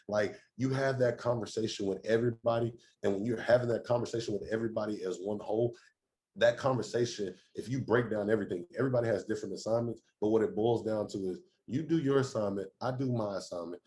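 A former college football player in his thirties breaks down the game in a relaxed sports chat. His voice sits fairly low, and he drives his points home with slang and repetition. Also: quick pace.

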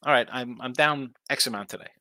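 A tired man hosting a sports betting stream, talking in a loose, rambling way with a bright voice. The sound is dry and close, with no room around it. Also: mid-range voice, brisk, dry recording. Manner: loose, rambling, reads chat aloud. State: tired, yawning. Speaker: sports betting picks host. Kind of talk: casual live-stream chat.

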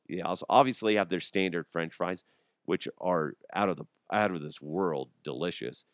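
A man's voice: low-pitched, normal speed, no echo, clean studio sound. A middle-aged man hosting a radio show in a casual comedic chat, rambling and joking with frequent laughs.

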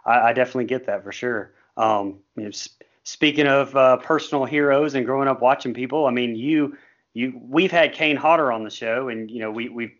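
A man hosting a podcast interview, asking questions in a relaxed, agreeable way. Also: medium pitch, brisk. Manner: relaxed, agreeable, short backchannel replies. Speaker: podcast host. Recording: dull dry lo-fi sound.

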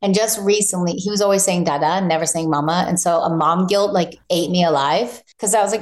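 A woman in her thirties, a singer-songwriter chatting casually in an interview, bubbly and animated, acting out quotes in high voices. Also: brisk, hardly any pauses. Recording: roomy echo.

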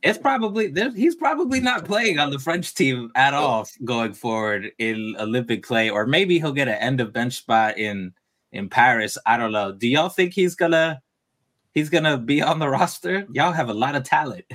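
A man with a New York accent hosting a casual podcast, relaxed and chatty, laughing easily with his guests. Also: medium pitch, moderate pace. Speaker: podcast host.

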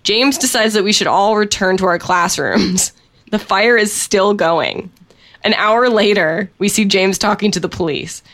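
A woman's voice: medium pitch, measured pace, a bit bright. A woman reading a written story aloud in a wry way, often breaking into laughs as she reads.

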